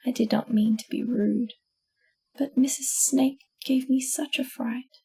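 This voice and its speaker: A woman's voice: sits high, steady tone, measured pace, gravelly, mellow, husky, full character voice. A woman voicing a nervous, protective mother koala in a storybook reading. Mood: anxious. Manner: frightened and fretful.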